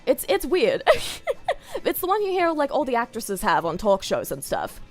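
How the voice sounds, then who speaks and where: An Australian woman chats on a stream in a high, bouncy voice that swoops up and down, breaking into giggles as she drifts from one tangent to the next. Soft music plays faintly behind her. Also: wildly swooping pitch, normal speed. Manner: giggly, chatty, rambling tangents. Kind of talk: casual stream chat.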